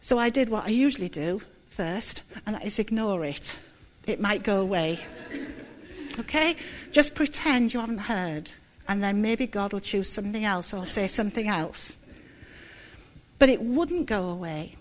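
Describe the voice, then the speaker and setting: A middle-aged woman giving a candid, self-deprecating church testimony, halting and close to tears. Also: medium pitch, lively intonation. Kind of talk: sermon with personal testimony.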